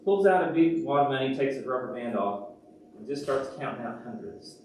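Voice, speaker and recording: A pastor preaches in a mid-pitched voice, spinning stories with lively shifts between booming and hushed delivery. He is picked up from well back in a very echoey church sanctuary, with faint noise underneath. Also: a little fast. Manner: animated storyteller, swings from loud to hushed. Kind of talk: sermon with storytelling. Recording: very echoey church from a distant mic.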